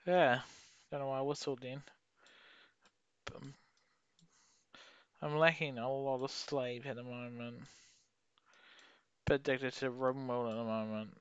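A man's voice: medium pitch, unhurried, long pauses, dull audio, slight background noise. Rambling Kiwi man playing a game. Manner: rambling, swears a lot, excitable outbursts. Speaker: gaming YouTuber. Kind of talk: casual gameplay commentary.

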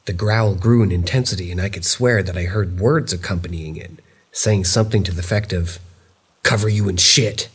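A man reading first-person horror stories in a measured, steady storytelling delivery. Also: sits low, husky. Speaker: narrator of viewer-submitted stories.

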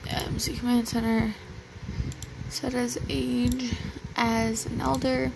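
A woman's voice: a little high, flat delivery, slow, creaky. A woman casually narrating her gameplay, muttering menu commands aloud and sighing now and then in mild exasperation. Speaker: gaming video creator. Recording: noisy background hiss.

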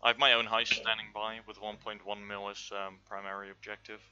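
A man's voice: lowish voice, flat delivery, fairly quick, noisy background. A young man joking and laughing over voice chat while playing a game. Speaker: gamer. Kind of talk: casual gaming chat. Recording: dull lo-fi voice chat.

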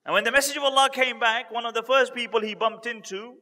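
A male preacher tells a religious story in a high, ringing voice. He repeats key points for emphasis and builds into lively retellings. His voice trails off in a long reverb, as in a large hall. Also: fast. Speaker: Islamic preacher.

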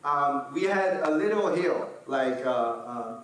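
A man from the Netherlands, telling a lively personal story to an audience and acting out the scenes. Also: on the high side, slow, a little hiss or hum. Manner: animated, acts out scenes, fillers and restarts. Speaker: speaker. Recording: echoey hall from far off, faint ambience.

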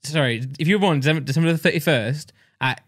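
A man's voice: on the high side, fast. A man co-hosting a podcast, chatting casually and joking around. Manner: jokey, tries silly impressions. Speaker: podcast co-host.

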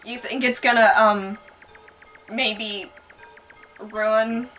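A playful woman chats casually over a game, bursting into song now and then. Her voice sits on the higher side and comes from a little off the microphone. Faint game music plays underneath. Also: steady tone, very slow, a bit bright, recorded from a distance. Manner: playful, breaks into song snippets. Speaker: let's play co-host. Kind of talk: casual gaming chat.

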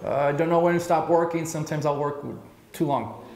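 A man in his thirties answering rapid-fire questions, upbeat and emphatic, with frequent filler sounds. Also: fairly high pitch, steady tone, darkish tone, roomy sound. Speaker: real estate broker interviewee.

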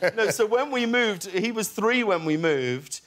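A British man in his forties, a talk show guest telling stories in halting, animated bursts and acting out quotes. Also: sits high. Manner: animated, halting storyteller who acts out quotes.

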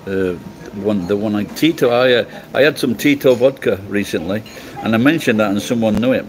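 A man's voice: lowish voice, brisk, slight background noise, poor audio. A middle-aged man from England chatting casually on a livestream, rambling and swearing bluntly as he answers comments. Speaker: livestream host.

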